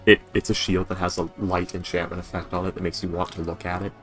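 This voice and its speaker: A man with a low voice plays in a tabletop game, joking in a dry, low-key way. Faint music sits behind him. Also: level tone, fast, fairly bright tone. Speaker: player. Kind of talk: casual tabletop chat.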